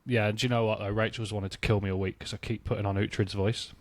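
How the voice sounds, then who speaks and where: A man's voice: fairly low pitch, little pitch movement, quick pace, dry recording. A man co-hosting a podcast, trading cheeky, crude banter in a casual chat. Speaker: podcast co-host.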